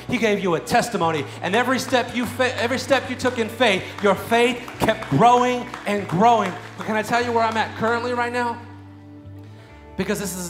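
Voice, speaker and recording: A man in his thirties preaching a sermon, moving between quiet personal storytelling and loud, fervent prayer. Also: sits high. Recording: echoey room with faint music.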